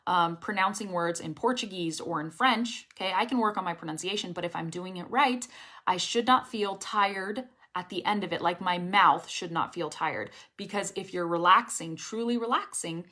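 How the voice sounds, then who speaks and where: A young adult woman teaching an online English pronunciation lesson, lively and encouraging, often checking in with the viewer. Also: on the low side, normal speed.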